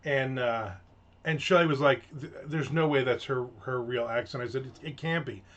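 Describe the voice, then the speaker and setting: A man's voice: mid-range voice, normal speed, fairly bright tone. A middle-aged man hosting his own rant segment, talking casually in a sarcastic, rambling way with many fillers and restarts. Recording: dull lo-fi sound.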